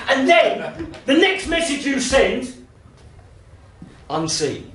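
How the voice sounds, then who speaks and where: A stand-up comedian in his thirties, swearing freely and shouting out punchlines. His voice sits very high for a man. The recording has a roomy live-venue sound, with the voice a little distant from the mic. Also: animated, normal speed, a crowd in the background. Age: 30s. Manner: brash, profane, bursts into shouting. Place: comedy venue in front of a laughing audience.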